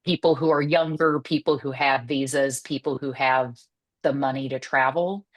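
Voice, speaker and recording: Low-voiced woman podcast guest. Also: steady tone. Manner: quick, laughing, uses filler "like". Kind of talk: casual podcast conversation.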